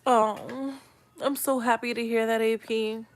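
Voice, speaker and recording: Speaking unhurriedly in a slightly high voice with fairly even intonation, a woman reads viewer comments on her livestream. She's earnest and emotional, almost in tears as she pleads with her audience and encourages them spiritually.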